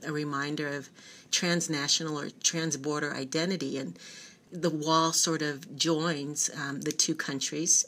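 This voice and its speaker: A woman professor speaking thoughtfully in an interview, pausing with fillers. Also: deep voice, fairly bright tone. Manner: thoughtful, with pauses. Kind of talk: interview clip.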